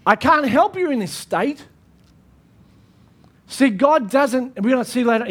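A pastor preaching an earnest, emphatic sermon with dramatic pauses. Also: male voice, very high voice, lively intonation, fairly bright tone.

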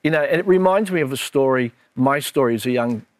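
A man's voice: medium pitch, quick pace, no room sound. A middle-aged man, a minister, in an earnest and reflective Bible discussion with his daughter, telling stories as he goes.

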